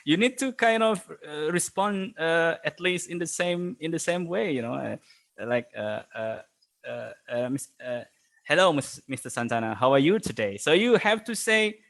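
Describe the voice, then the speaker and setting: A man teaching an online English class, halting, with many fillers and restarts and frequent chuckles. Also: fairly high pitch, fairly bright tone.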